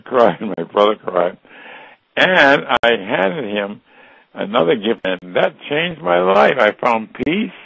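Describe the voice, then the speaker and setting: A man's voice: lowish voice, creaky, dry recording. An older American man telling his life story in an interview, earnest and reflective, often restarting his sentences. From United States. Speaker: interview guest. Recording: dull lo-fi dry recording.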